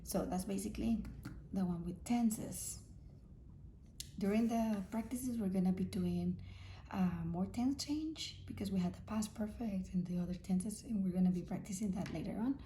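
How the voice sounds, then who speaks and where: Woman, English teacher, warm low-toned voice, repeats points patiently, faint hum behind. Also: moderate pace. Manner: patient, repeats key points, checks in with "okay?" and "right?". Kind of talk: grammar lesson explanation. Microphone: self-filmed camera.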